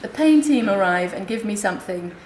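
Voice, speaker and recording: A woman speaking at a conference, reading her comic memoir aloud in a wry, deadpan way. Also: medium pitch, brisk. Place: hospital conference room. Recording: echoey lecture room, faint hiss.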